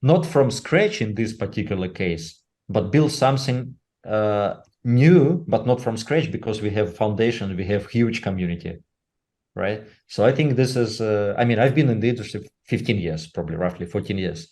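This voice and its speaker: A man speaking unscripted on a webinar, halting and filling pauses with "uh" and asking "right?" again and again. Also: lowish voice, animated, darkish tone. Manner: halting, full of "uh" and tag "right?". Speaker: company leader speaking on a webinar.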